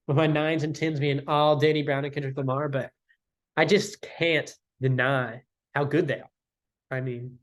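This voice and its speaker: A young man ranking his favorite albums in casual chat, enthusiastic and rambling, slangy and full of fillers. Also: mid-range voice.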